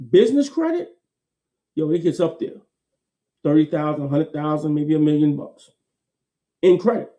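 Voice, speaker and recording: A man gives a casual motivational talk. His tone is very dark and mellow, sitting a little high. He repeats his points emphatically in a folksy way. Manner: folksy, repetitive, emphatic with laughs.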